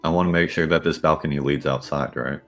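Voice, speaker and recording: A man's voice: a bass voice, fairly even intonation, fast talker, faint music behind. A man playing a tabletop game, laying out plans and asking questions. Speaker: player.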